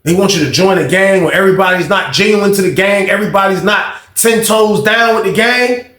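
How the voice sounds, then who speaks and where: Brief: a lively man from Virginia telling a story, high voice, echoey room. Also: fairly quick. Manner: animated, profane, acts out other people. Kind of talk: casual storytelling. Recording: roomy echo.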